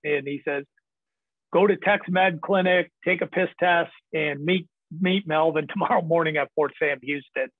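A northern US man speaks at a moderate pace in a slightly high voice, telling casual, wandering stories on a podcast. Laughter and swearing come often, and the tinny, phone-like line has no room sound at all.

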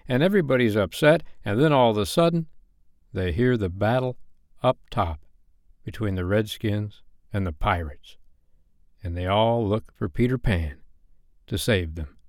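A man reading a bedtime story aloud as a storyteller, with an expressive, animated delivery. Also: medium pitch, no echo, clean studio sound.

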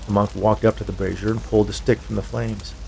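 A man reading a dark tale aloud in a measured, scripted storytelling manner. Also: fairly low pitch, little pitch movement, gravelly, slight background noise. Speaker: narrator. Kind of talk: scripted audiobook narration.

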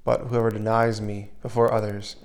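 A man preaching a sermon in an earnest way, dropping to a soft hush when he voices comforting words and rising again for emphasis. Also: fairly low pitch, flat delivery, moderate pace. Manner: earnest, shifts between loud emphasis and soft hushed asides.

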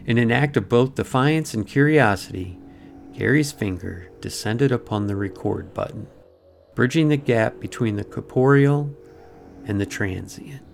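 A man's voice: mid-range voice, a little slow, creaky, slight background noise. A man hosting a podcast, telling a mystery story in dramatic, ornate scripted narration. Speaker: podcast host. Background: faint music.

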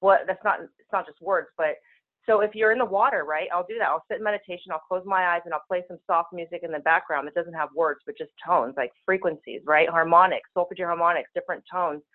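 A woman speaking as a spiritual healer guest, talking very fast in casual, rushing speech over a telephone call-in. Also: fairly low pitch. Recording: tinny phone line.

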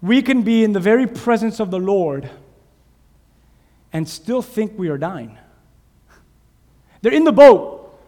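A man preaching a sermon, animated, acting out shouted voices from Bible stories. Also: sits high, a little slow, long pauses. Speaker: pastor. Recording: long hall reverb.

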